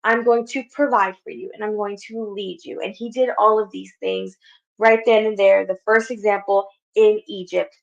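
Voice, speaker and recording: Earnest woman with a gravelly voice. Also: medium pitch, steady tone, moderate pace. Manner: earnest, repeats her phrases. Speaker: Bible study host. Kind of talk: earnest Bible study teaching. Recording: dull lo-fi recording.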